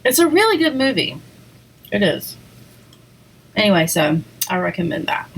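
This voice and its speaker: Very animated and speaking at normal speed, this mukbang vlogger has a mid-range voice that is gravelly and slightly rough. She chats casually as she eats on camera, rambling between bites with small eating sounds, all on poor audio.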